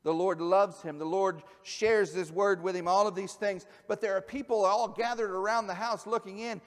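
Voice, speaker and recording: A man, a pastor, preaching a conversational sermon that moves from quiet asides to loud emphasis. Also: high-pitched, steady tone, moderate pace. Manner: conversational, swings from soft asides to shouted emphasis. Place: church sanctuary. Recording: church hall with long reverb.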